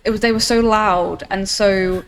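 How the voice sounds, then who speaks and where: A woman's voice: medium pitch, steady tone, a little slow, slight background noise, low-quality recording. A woman from the south of England with a Southern English accent, chatting casually, laughing often and trailing off mid-sentence. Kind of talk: casual chat.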